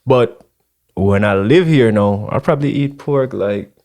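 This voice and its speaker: A man's voice: medium pitch, a little slow, darkish tone. A man with a Jamaican accent, co-hosting a podcast in casual chat, telling stories animatedly, laughing often and slipping into patois. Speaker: podcast co-host.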